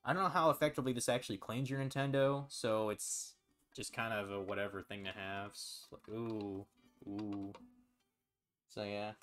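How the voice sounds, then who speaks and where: Low-voiced man chatting casually on stream. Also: fairly quick, clear, resonant tone, soft background music. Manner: rambling, relaxed, swears casually, many fillers. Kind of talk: casual chat.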